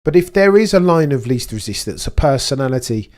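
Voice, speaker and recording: A man's voice: mid-range voice, lively intonation, a little fast, darkish tone. A young man hosting a live watchalong, talking in a rambling, opinionated way and often restarting his sentences. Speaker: livestream host. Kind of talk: casual live commentary.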